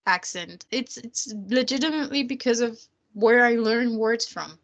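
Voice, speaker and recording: Chatty German woman, a bit high. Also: a bit bright, muffled recording. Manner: chatty and laughing, quick asides. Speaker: podcast co-host. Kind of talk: casual chat.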